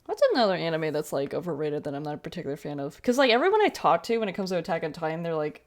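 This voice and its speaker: A young woman with a fairly low-pitched voice talks casually as she draws on a livestream. She rambles from one thought to the next, trailing off, restarting, and filling gaps with "like" and "um". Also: sing-song, quick pace, hardly any pauses. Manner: rambling and chatty, with many fillers and self-corrections. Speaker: streamer. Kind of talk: casual chat while drawing on a livestream.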